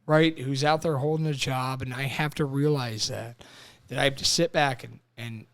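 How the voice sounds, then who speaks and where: A man's voice: mid-range voice, moderate pace, dry recording. A man in his thirties, a Marine veteran and podcast host, talking casually and emotionally, swearing a lot and acting out little scenes. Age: 30s. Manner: emotional, profane, animated storytelling. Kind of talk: casual chat.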